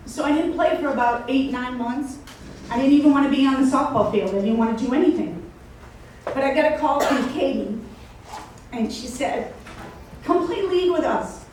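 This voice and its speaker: A woman's voice: a little high, a little mellow, a little hiss or hum. A woman in her fifties with a Cincinnati accent giving a heartfelt, emotional acceptance speech at a podium, telling stories and now and then choking up. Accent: Cincinnati, Ohio. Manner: heartfelt, storytelling, voice catching with emotion. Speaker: hall of fame inductee giving a speech. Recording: very echoey hall, mic far off.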